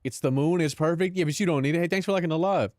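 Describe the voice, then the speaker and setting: A man's voice: on the high side, very fast, a little mellow, dry recording, studio quality. A man live streaming in casual chat, talking in slang, calling his viewers "bro" and laughing between lines.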